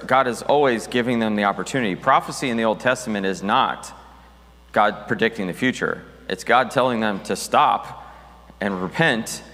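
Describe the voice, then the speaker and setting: A man's voice: lowish voice, fairly bright tone, in a large hall. A man preaching a sermon as pastor, talking conversationally with restarts and reading scripture aloud.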